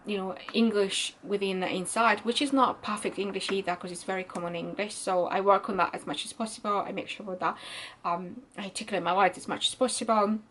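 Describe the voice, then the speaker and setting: A woman's voice: mid-range voice, fairly even intonation, fairly quick, a bit bright, slight background noise, rough recording. Rambling woman with an Italian accent. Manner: rambling, searching for words, frequent restarts. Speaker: vlogger. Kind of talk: candid storytime monologue.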